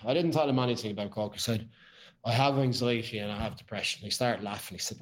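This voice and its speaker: An Irish man talks through his past in a loose, casual storytelling way, blunt and full of swearing. His voice sits at an ordinary middle pitch for a man. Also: quick pace. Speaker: podcast guest.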